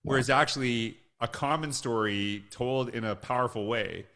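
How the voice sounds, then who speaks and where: A man hosts a relaxed conversation with a guest, his voice pitched in a mid range for a man. He sounds enthusiastic and effusive, circling around his questions. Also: moderate pace. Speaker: host. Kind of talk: casual conversation.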